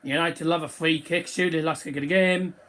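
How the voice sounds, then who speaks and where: A man's voice: on the high side, fairly even intonation, fairly quick, a bit bright. A man hosting a football watchalong, commenting live on the match and chuckling at viewers' messages. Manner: chatty, laughing at fans' bets.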